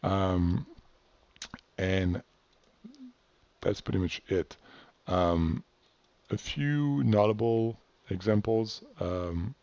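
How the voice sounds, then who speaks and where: A man from France talks through a tutorial in an offhand way, full of fillers and quick self-corrections. His voice sits very low, with a gravelly, husky edge. The recording is dull and lo-fi. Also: animated, darkish tone, dry recording. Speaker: instructor. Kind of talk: casual screen-share tutorial.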